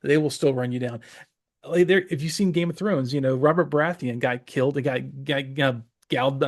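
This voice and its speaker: A man's voice: medium pitch, normal speed. A man from the Southeastern US co-hosting a casual podcast, rambling with many fillers and restarts. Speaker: podcast co-host. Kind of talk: casual chat.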